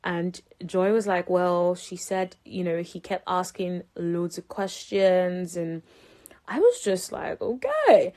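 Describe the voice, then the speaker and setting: A young woman casually recapping a dating show, chatty and animated, with her voice leaping up for her reactions. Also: takes it slowly. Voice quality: animated, jumps high in pitch for reactions. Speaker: reality show recap commentator. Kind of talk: casual chat.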